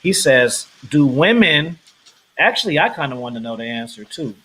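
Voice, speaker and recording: A man's voice: on the high side, sing-song, normal speed, pushed and bright, husky, low-quality recording. A man hosting a casual podcast, playful and teasing as he reads a listener question. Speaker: podcast host.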